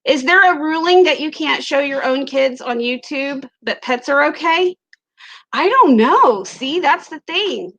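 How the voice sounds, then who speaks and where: A chatty woman with an Ozarks accent hosts a casual livestream, her high, fairly bright voice animated yet unhurried. She giggles often and reads viewer comments aloud into a webcam mic.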